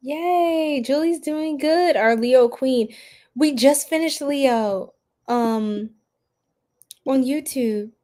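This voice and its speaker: A bubbly, giggly woman hosting a tarot livestream, chatting with viewers, laughing often and gasping with excitement. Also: high voice, extremely slow. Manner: gasps and squeals with excitement. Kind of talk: live chat with viewers.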